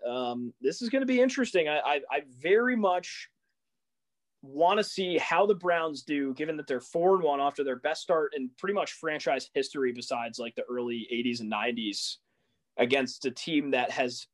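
Animated young man ranting about sports. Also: mid-range voice, normal speed. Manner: animated, exasperated rants with rising questions. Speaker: podcast co-host. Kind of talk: casual sports chat.

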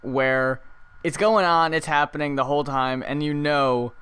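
A man co-hosts a casual podcast, his remarks dry and wry. His voice is smooth and clear. It sits a bit high for a man. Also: unhurried, fairly bright tone. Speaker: podcast co-host. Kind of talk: casual chat.

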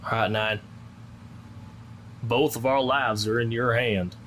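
Woman, very deep voice, gruff and exasperated, in-character tabletop role-play. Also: fairly even intonation, slow pace, background noise. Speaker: tabletop player.

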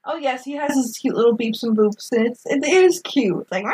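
A woman with a slightly high voice recaps a film in casual chat. She is animated and gushing, and she keeps jumping into the characters' lines. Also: a little fast, husky, poor audio. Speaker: podcast co-host.

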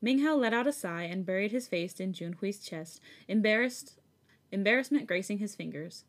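A woman's voice: medium pitch, moderate pace. Giggly woman reading fan fiction aloud. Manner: chatty, giggly asides. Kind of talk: casual story reading.

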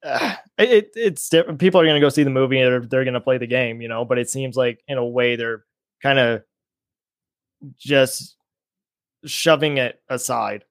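A man's voice: mid-range voice, moderate pace, gravelly, dry recording, clean studio sound. A man co-hosting a casual games chat, easygoing and teasing the others. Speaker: podcast co-host.

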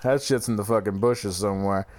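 A man's voice: lowish voice, steady tone, fairly quick, darkish tone, slight background noise. Rambling, cursing man telling a story. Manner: rambling, profane, laughing storyteller with restarts. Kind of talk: casual chat.

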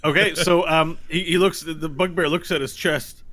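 A man's voice: on the high side, fairly even intonation, normal speed, a bit bright. A man narrating as game master of a tabletop game in a casual, easygoing way, with frequent fillers and easy laughter.

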